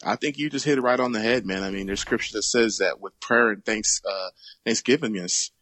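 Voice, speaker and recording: Low husky man, laid-back buddy talk. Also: a little fast, no echo. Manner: relaxed, says man and dude a lot, repeats himself. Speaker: podcast co-host. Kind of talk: casual faith chat.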